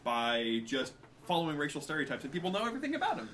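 A man's voice: on the high side, wildly swooping pitch, quick pace, a bit bright, slight background noise. A man from the Atlanta suburbs, chatting casually on a podcast with stammering restarts. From Atlanta suburbs, USA. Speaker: podcast co-host.

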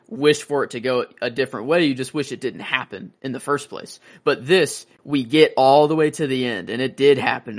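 A man co-hosting a podcast, chatting loosely with lots of "like" and restarts. He acts out his own reactions as he talks. His voice sits at an ordinary middle pitch. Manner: rambling, filler-heavy, acts out his reactions. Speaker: podcast co-host. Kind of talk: casual chat.

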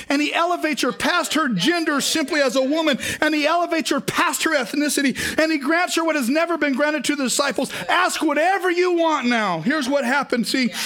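A male pastor preaching a sermon, swinging between impassioned shouts and quiet asides. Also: very high-pitched.

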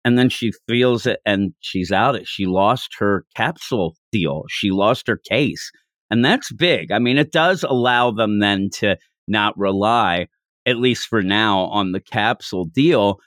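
A man co-hosting a casual podcast, rambling and animated, breaking into high quoted voices now and then. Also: measured pace, dry recording, clean studio sound. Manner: rambling, with restarts. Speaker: podcast co-host.

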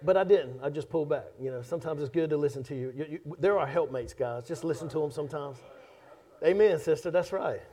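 A man preaching a sermon as pastor, emphatic and conversational, swinging between loud and soft, joking with his congregation. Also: a little high, fast talker. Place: church sanctuary.

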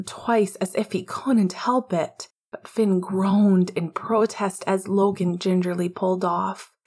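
A woman narrating an audiobook in a hushed, intimate way, often half-whispering. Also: mid-range voice, husky.

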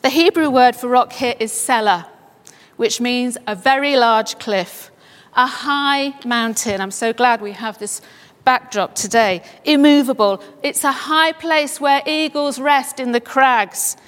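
A woman's voice: fairly high pitch, measured pace. A woman preaching a sermon and reading scripture aloud, building up to fervent exclamations. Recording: long hall reverb.

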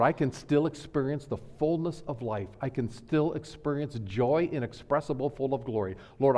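Preaching man in a reverberant hall. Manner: dynamic preaching, quiet and low then rising to loud urgent emphasis. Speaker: pastor. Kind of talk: sermon.

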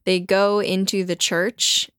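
A woman's voice: mid-range voice, level tone, slow pace, a bit bright, clear, resonant tone, no room sound, studio quality. A woman co-hosting a casual chat, making wry, joking asides and laughing often. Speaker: podcast co-host. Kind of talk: casual book discussion chat.

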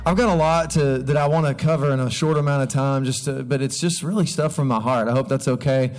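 A man's voice: medium pitch, fairly even intonation, brisk, soft background music. A man in his thirties, a pastor, giving a casual, humorous sermon to a congregation, chatty and full of asides. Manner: chatty, joking, self-interrupting. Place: church stage before a congregation.

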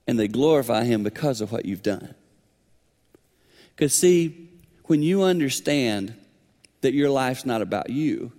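Animated preacher man in his fifties. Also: mid-range voice, big-room sound. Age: 50s. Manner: animated, swings from loud exclamations to near whispers. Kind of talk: sermon. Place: large hall with young audience.

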